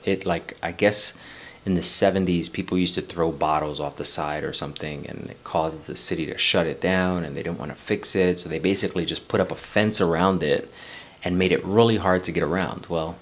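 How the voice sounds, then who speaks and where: A man's voice: low-pitched, steady tone, brisk. A man in his forties from New York City telling a personal story in a loose, rambling way, swearing casually and drifting into life lessons. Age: 40s. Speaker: vlogger.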